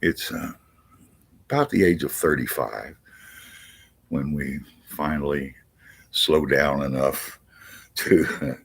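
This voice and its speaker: A man hosting a live astrology chat stream, talking haltingly with many restarts and reading viewer messages aloud. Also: very deep voice, creaky, breathy edge. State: out of breath.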